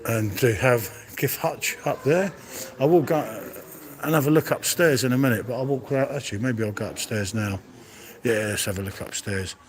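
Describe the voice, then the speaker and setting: A man's voice: medium pitch, normal speed. A middle-aged man, streaming live as he walks around a museum, marvelling at the exhibits and chatting to viewers by name, with the sound picked up by a handheld phone. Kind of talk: live walk-around commentary. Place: indoor museum with old exhibits. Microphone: handheld phone while walking.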